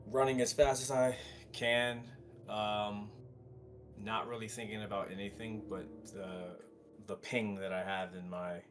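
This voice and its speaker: Deep, flat, hesitant male player. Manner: hesitant, filler-heavy. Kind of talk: playing a tabletop game.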